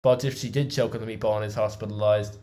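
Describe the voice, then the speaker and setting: A woman's voice: a bass voice, fairly even intonation, quick pace, mellow. A woman playing a fussy American businessman boss who has suddenly picked up a put-on British accent, talking in a prim, flustered, exasperated way. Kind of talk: home-made comedy podcast sketch.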